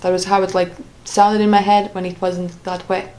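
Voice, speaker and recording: A woman's voice: medium pitch, flat delivery, normal speed, mellow. A young woman telling a personal story in a casual monologue, rambling, with many fillers and restarts. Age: young adult. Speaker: vlogger.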